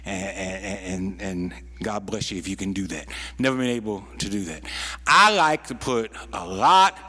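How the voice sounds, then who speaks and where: A man's voice: low-pitched, normal speed, bright, forceful tone, slightly rough. Preaching man in an echoing hall. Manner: repeats words while building a point, folksy asides. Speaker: pastor. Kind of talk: sermon. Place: church sanctuary.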